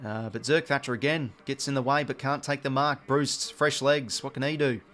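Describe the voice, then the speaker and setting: An Australian man hosting a live watch-along, calling the play as it happens, getting excited on big plays and chatting to his viewers in between. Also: medium pitch, moderate pace. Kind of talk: live play-by-play commentary over a match.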